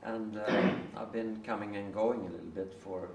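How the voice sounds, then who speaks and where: A man from Sweden, introducing himself at a conference, slow and halting with many fillers. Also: fairly low pitch, fairly even intonation, creaky. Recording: echoey hall, distant mic, hiss.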